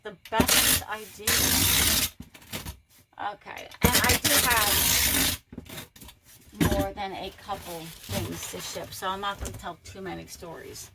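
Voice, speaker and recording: A woman's voice: mid-range voice, creaky. A woman reseller chatting casually and telling rambling stories while she packs orders. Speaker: reseller vlogger. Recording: loud background noise.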